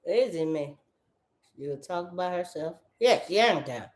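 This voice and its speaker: A woman's voice: lowish voice, a little slow. A woman ranting in a casual monologue, cursing freely and repeating her phrases over and over. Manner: animated, profane, repeats phrases, talks in circles.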